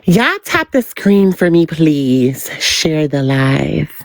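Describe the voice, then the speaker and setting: A woman streamer drags out every word at a very slow pace while she runs through gossip on her live. Her low voice swoops widely in pitch, and she leans on teasing, sing-song repetition. The sound is dry and close, with no room sound. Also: sing-song, vocal fry, dry recording. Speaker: livestream host. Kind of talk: gossip commentary on a livestream.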